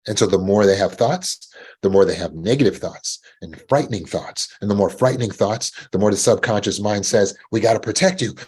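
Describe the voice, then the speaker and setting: A man's voice: on the low side, a little fast, a little mellow, husky. A man coaching listeners about panic, in a teaching talk, who acts out anxious inner voices in a rising tone and repeats words as he restarts. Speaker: trauma recovery coach.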